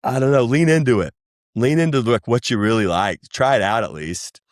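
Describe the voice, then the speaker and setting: A man, chatting casually as a podcast guest, rambling and animated. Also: mid-range voice, a little fast, no echo, studio quality. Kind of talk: casual chat.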